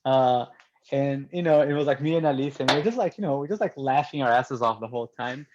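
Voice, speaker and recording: A man hosting a casual video call chat, laughing often and throwing in quick asides. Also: mid-range voice, highs cut off, background noise. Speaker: host.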